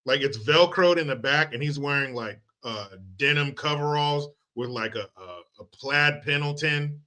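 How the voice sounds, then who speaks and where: A man hosting a political commentary video, ranting in a mocking, profane and animated way. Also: on the high side, normal speed. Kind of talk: comic political rant vlog.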